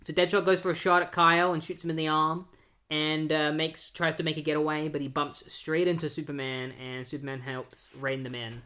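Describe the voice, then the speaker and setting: A man's voice: on the high side, flat delivery, a little fast, bright, forceful tone. Casual man recapping comics, full of fillers. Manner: filler-heavy, loose recap. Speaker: comic book reviewer. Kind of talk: casual retelling of a comic story.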